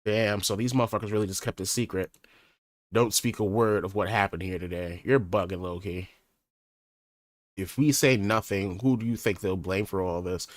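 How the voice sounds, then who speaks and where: A young man with a low voice reads manga dialogue aloud in a flat, muttering way. He drops in slangy, cursing reactions between panels. The sound is dry and close, with no room around it. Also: moderate pace, dry recording. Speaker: manga reaction channel host. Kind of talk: reading a manga chapter aloud with casual reactions.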